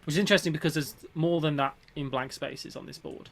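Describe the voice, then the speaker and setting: A man's voice: on the high side, steady tone, fast, creaky, fairly bright tone. A man co-hosting a livestreamed board game demo, joking around and thinking aloud while he explains the rules. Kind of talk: casual livestream chat.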